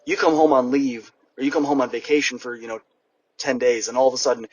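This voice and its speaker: A young man hosting a podcast and giving a lively motivational monologue, speaking straight to his listeners. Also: mid-range voice, fast talker, husky. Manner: energetic, addresses listeners directly. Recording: distant mic with background noise, poor audio.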